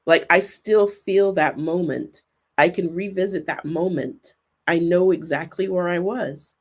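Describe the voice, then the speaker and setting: A woman's voice: lowish voice, breathy edge. A woman guest in a reflective podcast conversation over a remote call, speaking earnestly and thoughtfully, her pace shifting as she thinks. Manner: thoughtful, earnest, speeds up and slows down. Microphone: remote video call.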